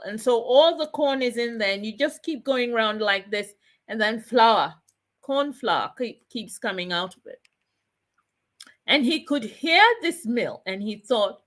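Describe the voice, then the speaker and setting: A woman tells a folk tale on her chat show. She speaks slowly and deliberately, in a voice pitched a little high. Her delivery is expressive and lands each point with care. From Ghana. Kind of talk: storytelling with a moral.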